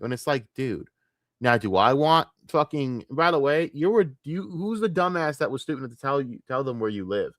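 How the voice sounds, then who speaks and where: A man's voice: medium pitch, expressive, moderate pace, a bit bright, dry recording, clean studio sound. A man streaming late at night, ranting with a lot of profanity and getting easily distracted.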